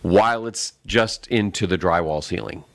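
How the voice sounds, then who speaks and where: A man's voice: deep voice, normal speed, dry recording. A man co-hosting a tech talk show, rambling through a home repair story step by step at a desk microphone. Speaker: co-host. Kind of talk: casual chat.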